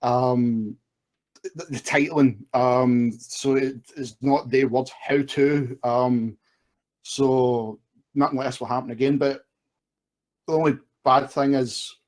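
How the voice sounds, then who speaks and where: A man's voice: medium pitch, steady tone, slow, a little mellow. A man with a thick Scottish accent calling in to a podcast, easygoing and rambling. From Scotland. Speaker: caller. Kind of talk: call-in podcast chat.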